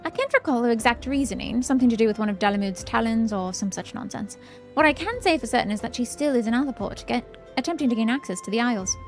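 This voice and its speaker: A fussy, pompous old-fashioned professor, as a woman puts him on while reading a fantasy game's dialogue aloud. He talks in a formal, stiff way, with faint music underneath and a fairly high voice for the part. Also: expressive, fast talker, close to an everyday voice. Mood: prim.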